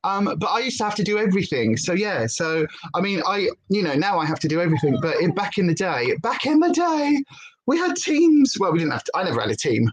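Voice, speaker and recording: A British woman chats on a home livestream, her pitch swooping up and down as she tells stories. She is a former presenter and drifts easily from one tangent to the next. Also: a little fast, breathy edge, low-quality recording. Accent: British English. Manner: chatty, wanders off on tangents, lively storyteller. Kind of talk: casual livestream chat. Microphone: headphones with desk setup.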